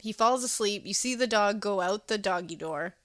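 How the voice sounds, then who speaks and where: A woman co-hosting a podcast, recapping a film in a casual, animated way and acting out the characters' lines. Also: medium pitch, moderate pace, no echo. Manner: animated, laughing, acting out quotes. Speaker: podcast co-host.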